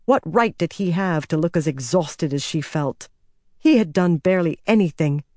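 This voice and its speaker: A man narrating a fantasy novel as an audiobook in an even, steady storytelling manner. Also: on the high side, moderate pace, dry recording, clean studio sound.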